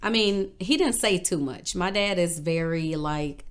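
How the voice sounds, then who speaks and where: A woman from northern Illinois telling her life story in a casual interview, animated and acting out other people's voices as she goes. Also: unhurried, clear, resonant tone. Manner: animated, acts out quoted voices with big pitch jumps. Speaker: interview guest.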